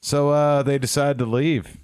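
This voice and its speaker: A man's voice: mid-range voice, steady tone, unhurried, a little mellow, clear, resonant tone, no echo, clean studio sound. A man co-hosting a horror podcast, retelling a film in a laid-back, profane way. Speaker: podcast co-host. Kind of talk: casual chat.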